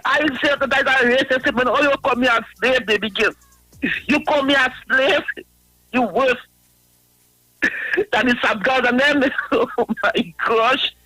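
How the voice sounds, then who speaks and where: A man calling in to a radio show, ranting in a high voice, laughing through his words and mocking a critic again and again. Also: unhurried, pauses often, pushed and bright, dry recording, rough recording. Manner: repetitive, mocking, addresses a critic by name. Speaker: radio caller. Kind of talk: ranting call-in. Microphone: phone line.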